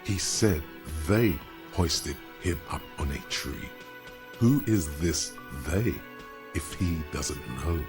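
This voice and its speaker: An actor voicing a grave male game narrator, telling the story in slow, solemn lines. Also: sits low, expressive, heavily acted. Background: game music.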